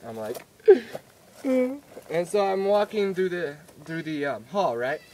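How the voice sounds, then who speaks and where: A man's voice: high voice, very animated, measured pace, darkish tone, slight background noise. Rambling, giggly young man vlogging. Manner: rambling, giggly, with many fillers and restarts. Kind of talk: casual storytelling vlog.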